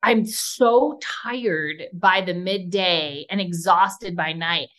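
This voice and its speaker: A woman co-hosting a podcast who talks quickly and with plenty of enthusiasm. Her delivery is lively and conversational, easy-going chat with a listener in mind. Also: fairly low pitch. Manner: enthusiastic, fast-talking, animated. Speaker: podcast co-host.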